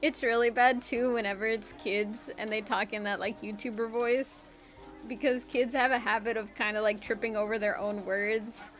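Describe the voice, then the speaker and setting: A woman's voice: a little high, level tone, normal speed, a bit bright, faint music behind. A young woman streamer chatting casually while she draws, rambling and self-mocking, with a bit of swearing. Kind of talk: casual chat while drawing.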